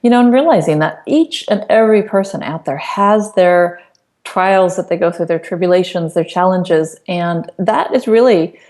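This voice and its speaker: A woman's voice: fairly low pitch, normal speed, a little mellow. A middle-aged woman speaking as an interview guest, telling a personal story earnestly, with fillers and restarts. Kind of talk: conversational storytelling.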